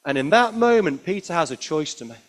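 A man preaching a sermon, telling the story expressively with frequent rhetorical tag questions, rising to emphatic peaks and dropping to hushed lines. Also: fairly high pitch, very animated, fairly quick.

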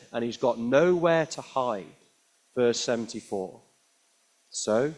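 A man delivers a sermon in a mid-pitched voice, retelling a scripture passage as an expressive story. He swings between emphatic, raised passages and quiet, hushed lines. He often draws the listeners in with rhetorical tag questions. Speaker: preacher.

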